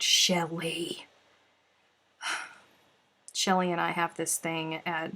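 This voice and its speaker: Woman, lowish pitch, chatty livestream host, reads viewer comments aloud. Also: creaky, a bit bright. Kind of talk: casual chat while crafting.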